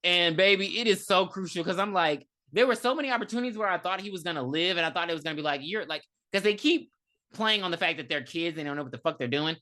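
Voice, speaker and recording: A woman co-hosting a podcast, recapping a film in an animated, profane, storytelling way. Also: on the low side, quick pace. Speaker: podcast co-host. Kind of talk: casual movie review chat.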